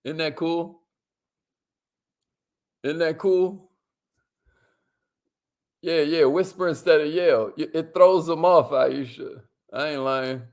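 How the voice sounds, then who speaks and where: Man in his own casual voice, a slightly high-pitched livestream host who talks slang and hypes up the chat. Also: takes it slowly, pauses often. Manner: lively, hypes up viewers and reads their comments; drops to a near whisper to make a point. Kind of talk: casual livestream talk to viewers.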